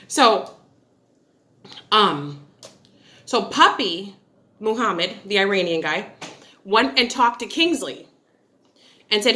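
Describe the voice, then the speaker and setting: A woman's voice: medium pitch, animated, slow, pauses often, sharp tone. A woman in her thirties from upstate New York, telling a personal story in a candid, chatty and digressive way, with frequent asides to her viewers. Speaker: vlogger. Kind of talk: casual storytelling.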